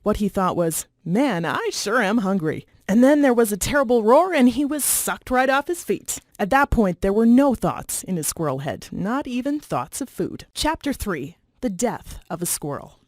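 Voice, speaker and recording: A woman reading chapters of a children's novel aloud in a measured, steady narration. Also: on the high side, no echo, studio quality. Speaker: reader. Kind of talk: storybook read-aloud.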